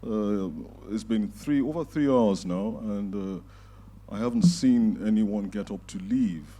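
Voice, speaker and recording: A man giving measured closing remarks and thanks as host of a panel event, pausing often on fillers. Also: fairly low pitch, mellow. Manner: measured, with frequent filler pauses. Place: event hall before a live audience.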